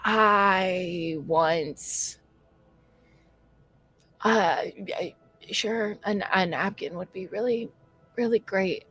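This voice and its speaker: A woman's voice: mid-range voice, fairly bright tone, slightly rough, faint music behind, exaggerated voice. A woman voicing a humiliated, deflated man in a tabletop game, who stumbles and hesitates over his words. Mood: sheepish. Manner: hesitant, stumbling, halting speech.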